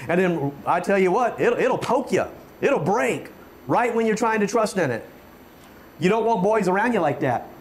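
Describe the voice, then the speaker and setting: High-voiced man preaching fervently. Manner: fervent preaching with frequent stammered restarts, rising to shouts. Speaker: pastor. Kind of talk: sermon.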